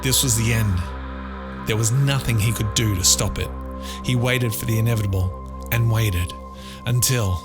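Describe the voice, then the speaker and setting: A man narrating an audiobook of a dark thriller in a measured, dramatic storytelling manner. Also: fairly low pitch. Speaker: author and narrator. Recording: loud guitar music underneath.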